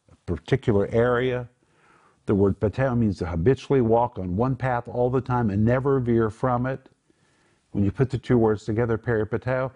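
A man's voice: medium pitch, darkish tone. An older man hosting a Bible teaching program, earnest and emphatic as he explains Greek words. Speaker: Bible teacher and show host.

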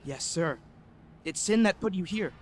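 A man's voice: high voice, lively intonation, normal speed, slight background noise. An actor playing an eager, newly converted eighteen-year-old young man who speaks earnestly and politely, calling everyone sir. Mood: earnest pleading.

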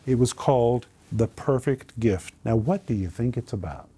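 This is a male Christian minister and author sharing his personal testimony, telling it earnestly and with animation. His voice is husky and medium in pitch, delivered at a moderate pace.

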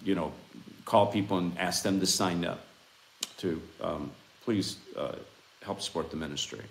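A man's voice: sits low, moderate pace, vocal fry, slight background noise. Impassioned preacher man in an echoey room. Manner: swings from hushed asides to loud impassioned outbursts. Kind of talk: fiery sermon with scripture reading.

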